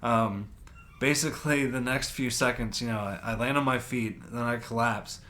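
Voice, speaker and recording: A man's voice: medium pitch, normal speed, slight background noise. Guy on a podcast telling a crash story, swears a ton, gets really into it. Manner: animated, swears a lot, acts out his own reactions. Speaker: podcast co-host. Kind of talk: casual storytelling chat.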